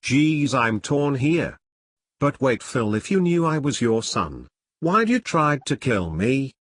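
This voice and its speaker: A man's voice: mid-range voice, big pitch swings, slow pace, a bit bright, dry recording, exaggerated voice. A man voicing a foul-mouthed, hot-headed male gangster who rants profanely, read close to the mic. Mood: indignant.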